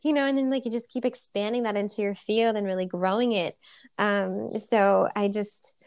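Smooth-voiced woman, dreamy healer. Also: mid-range voice, steady tone, normal speed. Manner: soft, dreamy, gushing, many fillers. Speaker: spiritual healer guest. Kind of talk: casual interview talk.

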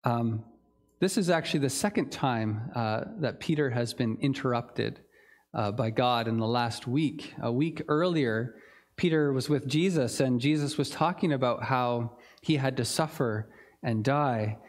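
Guy preaching a sermon, earnest and thoughtful, mid pitch, a few ums here and there. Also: a little slow. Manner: earnest, reflective preaching with fillers. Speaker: pastor.

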